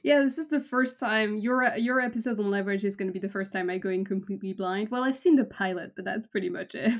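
A woman hosting a casual podcast chat, reading book extracts aloud with lively expression and laughing often. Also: mid-range voice, quick pace. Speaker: podcast host.

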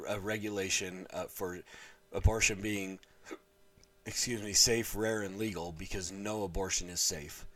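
A man speaking earnestly and haltingly to camera as an evangelist vlogger, often pausing to search for words. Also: sits low, a bit bright. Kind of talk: unscripted talk to camera.

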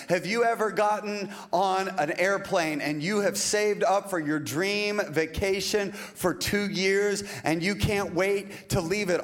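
A pastor delivering a sermon in a conversational, relatable way, full of rhetorical questions. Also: male voice, sits high.

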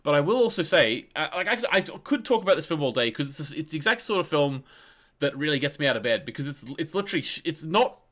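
A man co-hosting a casual film podcast, retelling movie scenes in a rambling, animated way with lots of restarts. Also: on the high side, fast talker. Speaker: podcast co-host.

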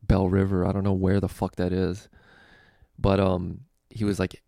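A man's voice: deep voice, completely flat delivery, moderate pace, creaky, mellow, dry recording, clean studio sound. A young man casually telling a story with lots of fillers, swearing and laughter, hosting a comedy podcast. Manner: laid-back, profane, lots of fillers and laughs.

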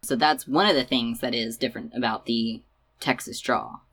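Very low-voiced woman podcast host. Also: fairly bright tone, husky. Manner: explains patiently, drawls words slowly to demonstrate. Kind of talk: casual educational chat.

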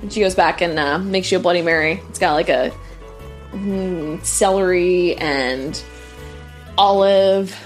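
A woman's voice: fairly low pitch, unhurried, soft background music. A woman with a Southern US accent, narrating a tabletop game as game master in a chatty, playful way.

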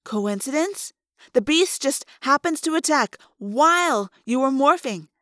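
A woman reading an audiobook, voicing a sharp, thoughtful teenage girl who fires off quick, eager questions. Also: sits high, no echo, clean studio sound, pitched above the performer's own voice. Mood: excited. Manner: quick questioning bursts, rising in excitement.

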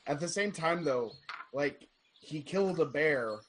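A man hosting a tabletop role-play podcast, introducing the episode and running the game in a relaxed, chatty way. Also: fairly high pitch, a little slow, slight background noise. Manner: relaxed, chatty, laughs easily. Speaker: game master and podcast host. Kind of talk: casual podcast narration and game mastering.

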